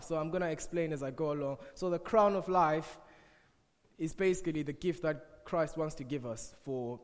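Young man, African accent, slightly high voice, joking youth-church speaker in a reverberant hall. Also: moderate pace. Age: young adult. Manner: playful, teasing asides to the crowd. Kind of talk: church talk with jokes.

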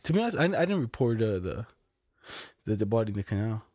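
Ein junger Mann im lockeren Gespräch, der entspannt Geschichten erzählt, oft flucht und lacht. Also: male voice, fairly low pitch, sing-song, quick pace, a little mellow, dry recording, clean studio sound. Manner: laid-back storytelling, swears, laughs often. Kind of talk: casual chat.

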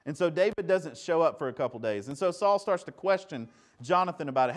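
A male pastor delivers a sermon in a fairly high-pitched voice, talking to the congregation conversationally. He asks rhetorical questions and often stumbles over repeated words. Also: lively intonation, fairly quick.

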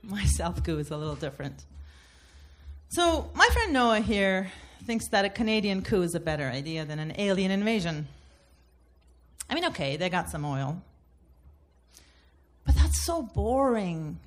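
A woman's voice: medium pitch, a little slow, pauses often. Laughing comedic woman from Turkey. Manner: laughs through jokes, animated. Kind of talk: comedic debate bit.

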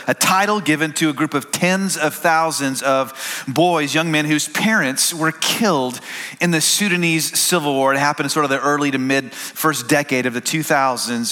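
A man preaching a sermon, telling stories in a relaxed, conversational way with small restarts. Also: a little high. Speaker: pastor.

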